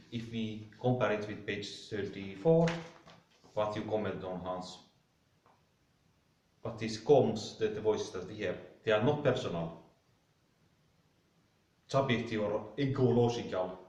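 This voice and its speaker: Low-voiced guy going thru a text line by line, far off in a roomy room. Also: a little mellow. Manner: careful, halting, rereads passages aloud. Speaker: reading group leader. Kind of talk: slow close reading and discussion. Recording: roomy, distant mic.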